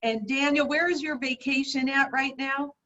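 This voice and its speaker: A woman hosting an upbeat podcast interview in a fairly high voice. She talks in an effusive, encouraging way and keeps praising her guests. The audio is dull and lo-fi. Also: steady tone, moderate pace, bright, forceful tone. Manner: effusive, encouraging, lots of "I love it". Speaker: podcast host.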